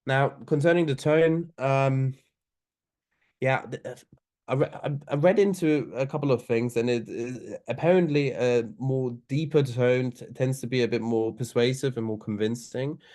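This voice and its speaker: A young man giving an online seminar on oral advocacy, talking loosely with many fillers and restarts, and slowing right down to show a point. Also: medium pitch, a little mellow. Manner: loose, filler-heavy delivery, slowing down to demonstrate.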